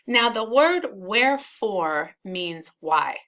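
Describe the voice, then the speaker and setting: Slow-speaking woman teacher explaining. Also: medium pitch, very animated, fairly bright tone. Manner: explanatory, addressing students directly. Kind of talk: classroom read-aloud with explanations.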